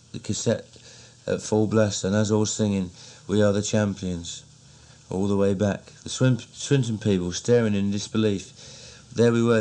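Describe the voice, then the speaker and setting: A man with a Cockney accent, slowly and fondly recounting old memories in a recorded diary. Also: lowish voice, warm tone. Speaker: narrator.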